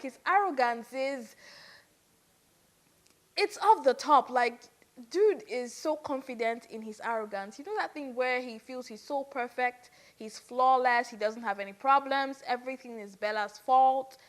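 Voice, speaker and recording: A young woman giving casual, exasperated gossip commentary on a reality show, ranting in a lively way with lots of "like". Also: high-pitched, unhurried. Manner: exasperated, animated ranting with frequent "like".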